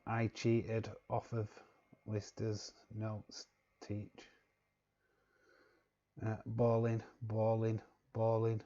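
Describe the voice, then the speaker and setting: English male streamer, quiz host, unhurried and joking, low pitch. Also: warm tone, highs cut off. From England. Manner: joking, chuckling, repeats words while reading chat. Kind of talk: casual live-stream chat.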